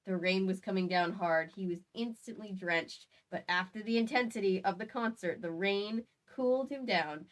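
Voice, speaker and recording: A woman host reads a book aloud, breaking off for playful, chatty comedic asides. Her delivery is relaxed and conversational. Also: mid-range voice, normal speed, few pauses.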